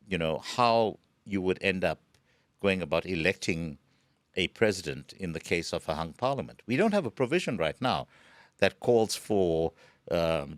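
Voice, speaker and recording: A man co-hosting a political podcast, explaining things in a measured, wry way. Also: low voice, no room sound. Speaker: podcast co-host. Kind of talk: casual political chat.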